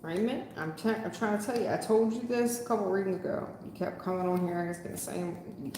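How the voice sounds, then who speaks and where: A woman's voice: on the low side, steady tone, a little fast, warm tone, slight background noise. A woman giving a live tarot reading, sarcastic and scolding in a folksy way. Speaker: tarot reader. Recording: echoey room with long reverb.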